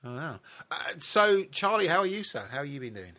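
A man's voice: on the high side, sing-song, a little fast, bright, forceful tone. A man from London with a London accent, hosting a casual podcast chat and joking and laughing often. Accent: London English. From London, England. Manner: chatty and jokey, laughs often. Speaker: podcast host.

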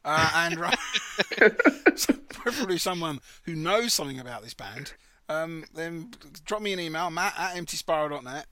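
A man's voice: a little high, animated, normal speed, sharp tone. A man hosting a podcast, chatting casually during a quiz, laughing often and mocking himself. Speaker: podcast host.

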